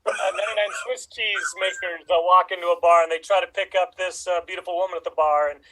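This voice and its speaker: A man, an improv player, telling pun jokes with a deadpan delivery. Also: high voice, fast, noisy background.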